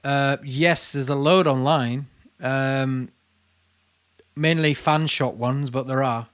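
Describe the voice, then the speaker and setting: Here the Lancashire channel host, a man in his late thirties, speaks slowly in a mid-range voice with fairly even intonation and a slightly bright, clear, resonant tone. He's casually answering his livestream chat, reading comments aloud and calling people mate.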